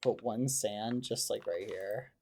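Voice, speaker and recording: A man streaming a game, chatting casually and excitedly with his viewers and using wholesome exclamations instead of swearing. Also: fairly low pitch, slow, a little hiss or hum. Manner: excitable, talks to his chat. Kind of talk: casual gaming livestream chat.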